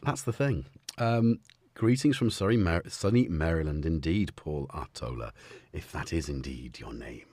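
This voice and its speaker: A man's voice: very deep voice, lively intonation, moderate pace, a little mellow, dry recording. A man hosting a live stream, chatting in a rambling, jokey way that keeps interrupting itself. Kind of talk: casual live-stream chat.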